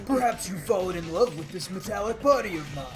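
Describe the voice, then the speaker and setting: A man voicing a boastful, hearty robot who used to be a team manager, loud and laughing. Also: high-pitched, lively intonation, fairly quick, over music. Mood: jovial.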